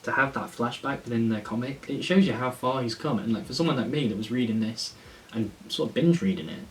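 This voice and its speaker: A man's voice: mid-range voice, a little fast. A man talking through a casual review, rambling and enthusiastic, swearing when he gets worked up. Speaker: comic reviewer. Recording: faint hiss, slightly distant mic.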